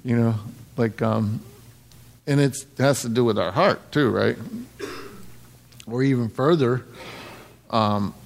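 Gravelly-voiced man preaching casually. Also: slow, long pauses. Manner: conversational, laughs often, lively pitch jumps. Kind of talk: casual sermon.

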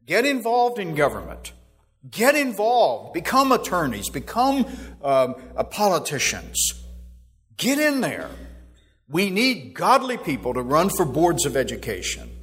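A middle-aged man preaching a sermon as pastor, swinging from loud exhortation to soft asides. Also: a little high, wildly swooping pitch, a little slow.

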